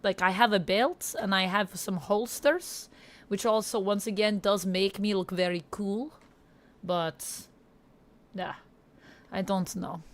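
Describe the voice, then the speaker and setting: A woman's voice: medium pitch, slow. A woman livestreaming a game on a headset mic, chatting playfully with viewers in a put-on Russian accent. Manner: playful, reads chat aloud, mock-serious. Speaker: gaming livestreamer. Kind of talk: casual livestream chat.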